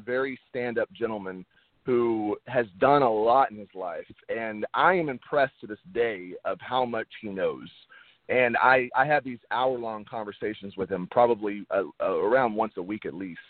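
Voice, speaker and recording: Over a dry, tinny, phone-like line with no room sound, a man with a mid-range voice is interviewed as an actor. He speaks earnestly and casually, often restarting and repeating words.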